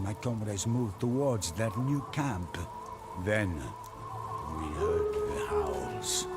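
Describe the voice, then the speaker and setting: Slow, measured male game narrator. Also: fairly high pitch. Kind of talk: scripted story narration.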